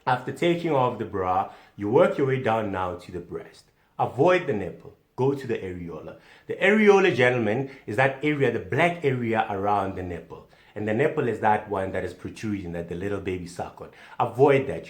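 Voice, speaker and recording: A man delivering a mock instructional comedy monologue as a self-styled doctor, theatrical and swinging between loud emphasis and hushed whispers. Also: on the low side, sing-song, moderate pace. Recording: echoey room.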